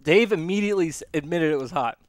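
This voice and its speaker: A man's voice: on the high side, quick pace, dry recording, studio quality. A man chatting casually during a hot sauce challenge, laid-back and wry, often trailing off mid-sentence. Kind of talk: casual chat.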